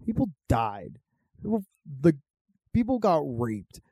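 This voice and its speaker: A man chatting casually and swearing freely, mocking characters in quick put-on quotes. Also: a little high, husky, no echo, clean studio sound. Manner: profane, animated, mocks characters in put-on quotes. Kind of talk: casual chat.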